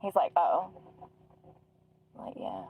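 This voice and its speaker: A woman's voice: slow, narrow, tinny audio. Chatty woman spinning a story. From North Carolina. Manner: chatty, laughing, profane, quotes others in dialogue. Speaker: streamer telling stories. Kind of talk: rambling storytelling.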